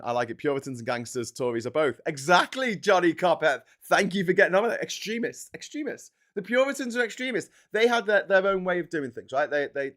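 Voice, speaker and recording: Guy hosting a live stream, fairly high voice, sarcastic ranting, does whiny mocking voices. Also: a bit bright. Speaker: livestream host. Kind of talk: casual ranting chat.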